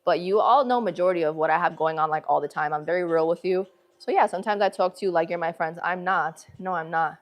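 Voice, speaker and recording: A woman with a northern city accent chats to her livestream viewers from the gym, loose and slangy. Her voice sits a little low for a woman. She talks straight to the camera like she's talking to friends. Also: quick pace. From northern United States. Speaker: livestream host. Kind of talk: casual livestream chat. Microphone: phone camera.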